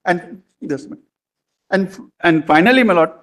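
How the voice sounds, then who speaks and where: A man arguing a legal case before a court, calling the bench "my lord" again and again, with halting restarts, recorded in a courtroom. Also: high voice, expressive, fairly bright tone.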